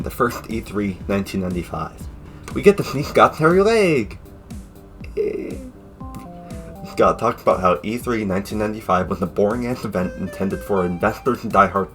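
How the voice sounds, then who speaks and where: A man narrating a casual video review in an offhand, sarcastic way, dropping joking asides. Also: deep voice. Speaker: YouTube reviewer.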